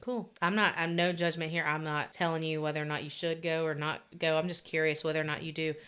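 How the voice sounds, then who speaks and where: Co-host: woman, slightly low pitch, bright tone, playful interviewer. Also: fast talker, clear, resonant tone. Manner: animated, teasing questioner. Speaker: podcast co-host. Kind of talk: casual chat, interviewing.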